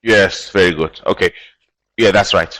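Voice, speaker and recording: A man teaching English vocabulary with a Persian accent, repeating each word slowly with long fillers. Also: low-pitched, sharp tone. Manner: slow repetition of words, drawn-out fillers. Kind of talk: online class teaching vocabulary.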